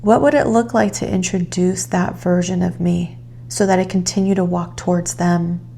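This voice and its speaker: A woman giving a calm, reflective tarot reading, guiding the listener gently. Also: lowish voice, moderate pace, vocal fry, slight background noise. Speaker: tarot reader.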